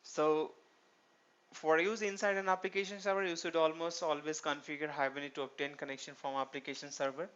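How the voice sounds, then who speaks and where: The voice is a man's, a little high, level, fairly quick, and fairly bright, with a clear, resonant tone. He teaches a screen-recorded programming tutorial step by step, asking himself rhetorical questions, and the recording is dull and lo-fi.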